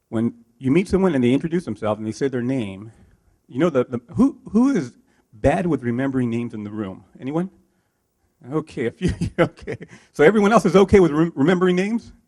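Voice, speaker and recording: A man's voice: a little high, moderate pace, long pauses. A man teaching a live networking workshop and asking his audience questions as he coaches them. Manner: lively, coaching, asks the room questions. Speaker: workshop trainer.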